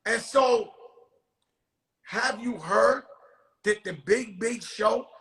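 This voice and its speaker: Loud, bright-voiced rowdy man host. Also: very high voice, reverberant, low-quality recording. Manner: rowdy, profane storytelling with shouted bursts. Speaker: show host. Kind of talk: casual chat.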